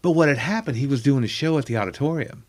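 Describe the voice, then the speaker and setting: A man's voice: medium pitch, fast. A man who is a comedian guest, telling a rambling story in a casual way, with many asides and fillers.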